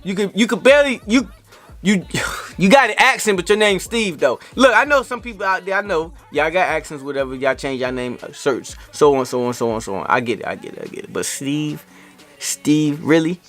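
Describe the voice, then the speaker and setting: A man telling a storytime rant, his voice swinging wildly up and down as he gets worked up. The tone is bright and forceful, and he circles back over the same words again and again. Faint music plays underneath. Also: fairly high pitch, brisk. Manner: animated, repeats himself, indignant retelling. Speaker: vlogger.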